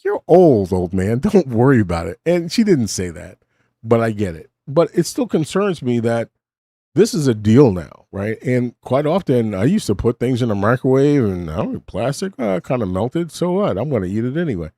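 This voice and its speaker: Rambling middle-aged man, lively dark voice. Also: medium pitch, normal speed, dry recording, studio quality. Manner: rambling, self-mocking, animated asides. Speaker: host. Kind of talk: casual monologue. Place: home desk.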